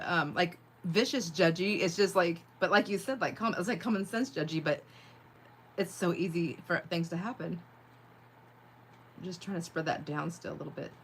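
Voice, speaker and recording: A woman with a fairly low voice hosts a relaxed crafting livestream and talks through what she is making. She rambles with lots of "like", laughs easily and answers viewers' comments as they come in. A faint hum sits behind her. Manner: reads viewer comments aloud and answers them. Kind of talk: casual crafting livestream chat.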